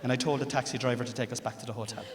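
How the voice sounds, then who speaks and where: A man with an Irish accent telling a stand-up story on a theatre stage, moving from a confiding tone to loud punchlines. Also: medium pitch, steady tone, very fast, very noisy. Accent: Irish, Cork. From Ireland. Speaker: stand-up comedian. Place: large theatre stage with audience. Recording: roomy theatre reverb with audience.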